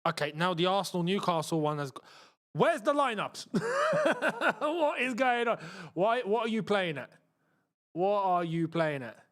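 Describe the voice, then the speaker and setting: Fiddling with the screen and muttering to himself, a young London-accented man excitedly hosts a live football watchalong for his channel. He speaks in a high voice at normal speed.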